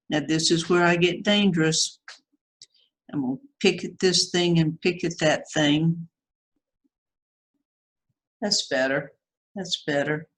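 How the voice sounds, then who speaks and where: A woman demonstrates watercolor painting for beginners, talking unhurriedly as she works. She thinks aloud, second-guesses her strokes, and reassures her students in a relaxed, chatty way. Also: low-pitched, slight background noise, low-quality recording. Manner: chatty, self-critical, reassuring. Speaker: watercolor teacher.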